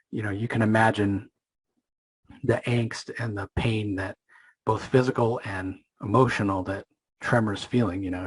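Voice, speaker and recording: Chatty husky man recapping comics. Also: on the low side, dry recording. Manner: chatty and opinionated, thinking aloud with frequent fillers and restarts. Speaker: comic book reviewer and channel host. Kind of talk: casual comic recap commentary.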